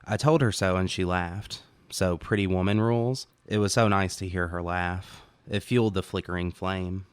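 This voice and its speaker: A man reading his own short story aloud as first-person audiobook narration, calm and even. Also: low-pitched, moderate pace, hardly any pauses, clean tone, dry recording.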